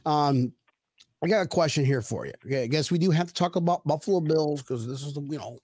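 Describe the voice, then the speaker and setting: A man's voice: fairly high pitch, quick pace, darkish tone, husky, dry recording, clean studio sound. A man hosting a podcast, chatting casually, joking and laughing often. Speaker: podcast host. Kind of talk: casual chat.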